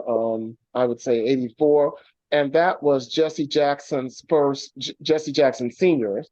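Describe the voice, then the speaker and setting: A man's voice: medium pitch, mellow, no echo. Man, journalist guest, remote. Storytelling with restarts; muffled, dry call sound. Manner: rambling anecdotes with many fillers and restarts. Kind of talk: remote radio interview, storytelling. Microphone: video call. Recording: dull lo-fi call audio.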